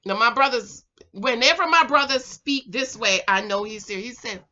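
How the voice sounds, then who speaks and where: A Jamaican woman telling a personal story in a casual, animated vlog. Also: a little high, moderate pace, highs cut off. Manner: animated, chatty, swings from loud to quiet. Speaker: vlogger.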